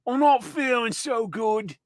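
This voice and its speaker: A man voicing a sickly male koala mutant villain with a put-on Australian accent and a slow, weak drawl. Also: very high-pitched, lively intonation, no echo, clean studio sound, voice pushed up.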